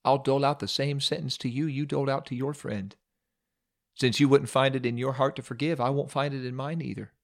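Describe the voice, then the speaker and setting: A man's voice: medium pitch, fairly even intonation, a little fast, gravelly, natural voice. A man doing a stern, emphatic king. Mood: angry. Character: stern male king, generous turned furious.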